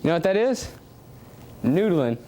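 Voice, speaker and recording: A man's voice: fairly high pitch, a little slow, slight background noise. A young man with a Southern US accent giving a competition speech, asking the audience questions as he goes. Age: young adult. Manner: animated, rhetorical questions to the audience. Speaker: student public speaking contestant.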